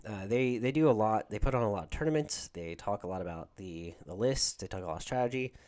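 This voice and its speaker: A man's voice: fairly low pitch, fast, darkish tone. A man from Georgia with a Southern accent, hosting a casual livestream and chatting with viewers in a rambling way. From Georgia, USA. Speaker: livestream host.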